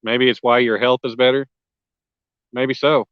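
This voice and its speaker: A man hosting a casual night fishing livestream, chatting easily with viewers and often clearing his throat. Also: mid-range voice, flat delivery, a little slow, no echo, lo-fi sound. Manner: laid-back, frequent throat clearing, reads chat aloud. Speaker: livestream host. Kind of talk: casual chat with live viewers. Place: outdoors at a riverbank at night.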